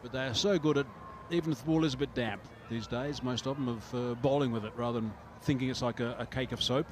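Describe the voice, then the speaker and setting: Male cricket commentator, relaxed explainer, mid-range voice, live broadcast with loud outdoor ambience. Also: mid-range voice, fast, noisy background. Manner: relaxed and explanatory, with frequent fillers.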